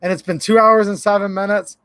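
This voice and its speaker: Jokey male streamer chatting with viewers; high, gravelly tone, recorded dry. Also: steady tone, fairly quick, a bit bright, no room sound. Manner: laughs a lot, reads chat aloud, jokey. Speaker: livestream host. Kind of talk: casual live-stream chat.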